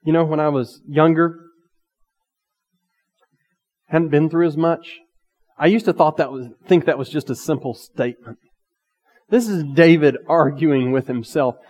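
Man preaching, fairly high voice, loud emphatic lines dropping to hushed asides, long hall reverb. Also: fairly even intonation. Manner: reads scripture aloud slowly and earnestly. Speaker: pastor. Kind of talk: sermon.

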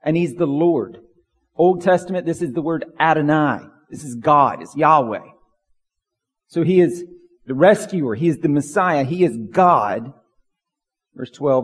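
A man's voice: a little high, lively intonation, a little slow, long pauses, slightly rough, long reverb tail. A man preaching a sermon as pastor, earnest and building in intensity through long lists. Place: church sanctuary.

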